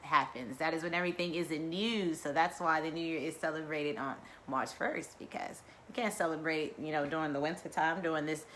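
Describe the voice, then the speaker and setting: A middle-aged woman hosting a wellness video, leading guided breathing and chatting in a lively, playful way. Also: sits low, fairly quick, few pauses, slight background noise. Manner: lively, playful, drawls and chuckles. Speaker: wellness vlogger. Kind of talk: guided breathing and casual chat.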